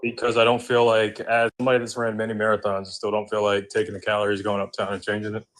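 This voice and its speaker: A man's voice: lowish voice, completely flat delivery, quick pace, a bit bright. A man from Maryland calling into a live stream, answering in a rambling, offhand way. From Maryland, USA. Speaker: caller. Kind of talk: casual call-in chat.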